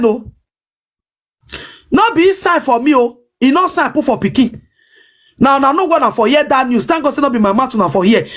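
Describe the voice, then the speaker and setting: A woman with a Nigerian Pidgin English accent ranting on a livestream, emphatic and defiant, repeating her points over and over. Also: high-pitched. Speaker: social media live streamer. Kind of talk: livestream rant.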